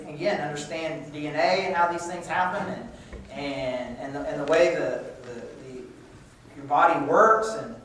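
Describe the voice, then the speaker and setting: A man gives a casual classroom lecture, his voice on the higher side, talking loosely and often restarting his sentences. He is picked up from a distance in a strongly echoing room. A faint hiss sits under the recording. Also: fairly bright tone. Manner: conversational, with frequent restarts and repetitions. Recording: echoey room, far-off mic, faint hiss.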